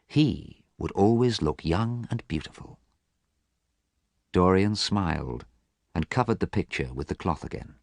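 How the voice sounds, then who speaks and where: A man narrating a simple storybook in a calm, measured and clear way. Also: low-pitched, no room sound, clean studio sound. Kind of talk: graded reader audiobook narration.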